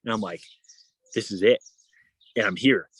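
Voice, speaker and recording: At a normal speed, a man with a husky, fairly bright voice rambles through a long tale as a guest in a casual interview; he's an endurance athlete, and the recording is rough. Fillers abound, and he voices other people's quotes in a higher pitch.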